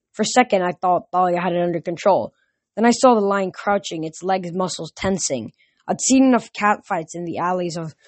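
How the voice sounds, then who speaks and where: A woman narrating a novel aloud in a steady storytelling manner. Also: lowish voice. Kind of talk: audiobook narration.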